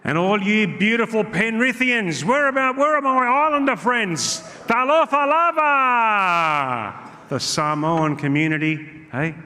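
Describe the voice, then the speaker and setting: A man's voice: fairly high pitch, a bit bright. A man with an Australian accent doing brash, punchy stand-up comedy and working a live crowd in a large club hall. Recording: live hall with long reverb, faint crowd noise.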